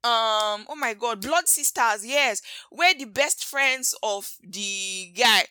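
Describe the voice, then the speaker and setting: A woman with a Nigerian accent, hosting a podcast and recapping movies in an animated, gossipy way full of slangy asides. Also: a little high, takes it slowly, clean tone. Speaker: podcast host. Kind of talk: casual movie recap chat.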